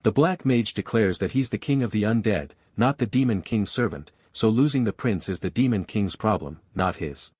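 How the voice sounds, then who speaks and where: A man reading a scripted recap of a fantasy comic's plot in a steady, even storytelling delivery. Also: on the low side, moderate pace, few pauses, slightly rough, no echo, clean studio sound. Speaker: recap narrator.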